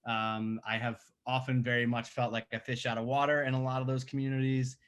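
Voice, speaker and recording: A man's voice: mid-range voice, a little fast, clean tone. Talkative New man telling stories. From Staten Island, New York. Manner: conversational, animated when telling stories. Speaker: guest filmmaker. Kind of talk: podcast interview over a call.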